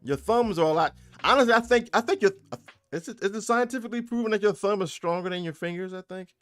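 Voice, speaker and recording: A man's voice: high-pitched, fast, fairly bright tone, faint music behind. Laid-back joking man streaming. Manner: loose, joking, laughs often, talks to chat. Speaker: game developer streamer. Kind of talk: casual live stream chat.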